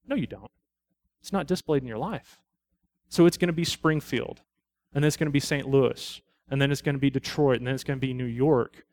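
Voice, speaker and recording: A man's voice: medium pitch, normal speed. A middle-aged man, a police officer, telling a personal testimony at a church study in a plain conversational way, quoting people he met and closing with blunt preachy points. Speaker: lay speaker at a church study.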